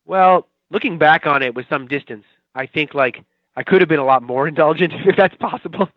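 Fairly high-pitched and fairly quick, this chatty man in his forties from Watertown in the Boston area is a TV writer appearing as a guest in a casual interview chat. He talks in a loose, rambling, self-mocking way, his voice dry and close, though the sound is dull and muffled like a remote call.

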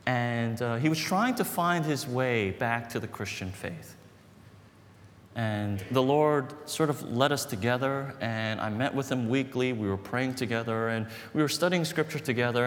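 Guy pastor telling a story from the pulpit, earnest and chatty, voice ringing in a big hall with a little hiss behind. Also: mid-range voice. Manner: conversational, earnest, building to emphatic points. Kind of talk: sermon storytelling. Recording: long hall reverb, faint background noise.

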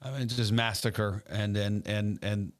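A man's voice: fairly low pitch, fairly even intonation, unhurried. A man hosting an interview podcast, formal but stumbling over repeated words. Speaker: podcast host.

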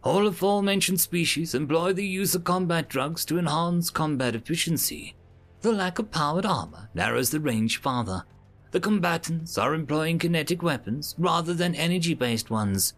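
A man's voice: fairly high pitch, normal speed, soft background music, voice pushed up. A man doing a droning insectoid cadet's translator. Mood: analytical. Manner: flat, analytical, droning. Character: insectoid cadet speaking through a mechanical translator.

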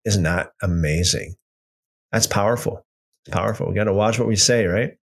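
A man leading a casual Bible study, reading passages aloud and commenting with animated repetition. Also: on the low side, normal speed. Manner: animated, repeats phrases for emphasis.

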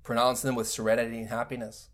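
Male spiritual teacher, mid pitch, measured lecture delivery. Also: monotone.

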